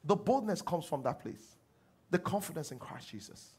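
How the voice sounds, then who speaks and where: Animated husky Nigerian-accented pastor preaching. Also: male voice, a little high, moderate pace. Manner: animated, swings from quiet mimicry to loud exhortation. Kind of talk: sermon.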